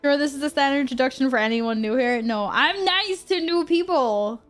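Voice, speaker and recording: A young woman chatting casually on a game stream, joking and rambling with quick self-corrections. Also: sits high, soft background music. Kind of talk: casual live-stream chat while gaming.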